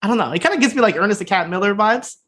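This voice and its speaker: A man co-hosting a podcast, recapping a TV episode in casual chat, quickly acting out what the characters say, with frequent laughs. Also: high voice, husky. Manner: fast, animated retelling with laughs and acted-out quotes. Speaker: podcast co-host.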